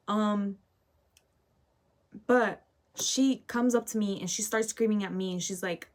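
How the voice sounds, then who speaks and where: A woman's voice: medium pitch, a little slow, pauses often. Teen girl ranting through a storytime. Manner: ranting, filler-heavy, keeps asking "okay?". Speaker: vlogger. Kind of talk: casual storytime while getting ready.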